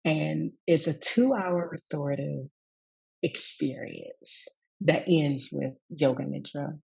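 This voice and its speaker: A woman from the American Deep South, telling a personal story as a guest in a conversational, laughing way. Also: slow pace, creaky, breathy edge, rough recording. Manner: warm storytelling with frequent laughs and asides. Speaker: guest speaker, rest coach.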